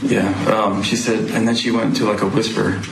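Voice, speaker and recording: A man testifying as a witness in court, speaking haltingly with many pauses and fillers. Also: lowish voice, flat delivery. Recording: echoey noisy courtroom audio.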